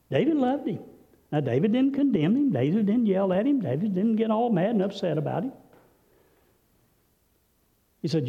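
High mellow-voiced guy preaching, storytelling, long church echo, muffled lo-fi recording. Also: very animated, moderate pace. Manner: dramatic storytelling, swinging from loud highs to hushed lows. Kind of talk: sermon. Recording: dull, lo-fi recording with long hall reverb.

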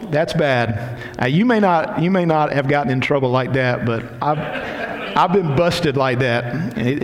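A middle-aged man pastor giving a sermon, acting out quoted prayers with dramatic emphasis. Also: medium pitch. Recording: long hall reverb.

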